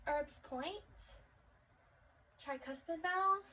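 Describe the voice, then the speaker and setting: A woman conducting a step-by-step health assessment, calmly asking questions and repeating the answers back. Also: sits high, extremely slow. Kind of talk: clinical health assessment demonstration. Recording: distant mic with faint background noise.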